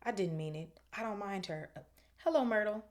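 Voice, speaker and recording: A prim, bookish schoolgirl from a storybook, as a woman reading aloud puts her on. She sounds earnest and a little anxious, pitched slightly above the reader's own voice. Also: a little fast, darkish tone, close to an everyday voice.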